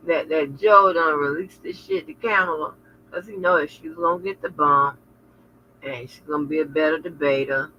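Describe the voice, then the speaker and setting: A woman with a low-sitting voice and a sharp tone chats casually with her viewers, frank and profane as she tells stories in a loose, candid way. The recording is lo-fi, with faint noise.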